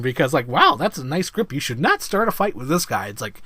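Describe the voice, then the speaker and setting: Excitable man reviewing a movie, dry close sound. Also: a little high, no room sound. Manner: excitable, swears freely, acts out scenes in quick voices. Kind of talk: casual film review monologue.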